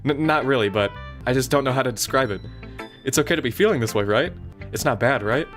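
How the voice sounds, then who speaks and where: A man's voice: mid-range voice, animated, quick pace, fairly bright tone, soft background music, natural voice. A man voicing a shy, obsessive teenage girl, reading her lines in a breathless, fawning way.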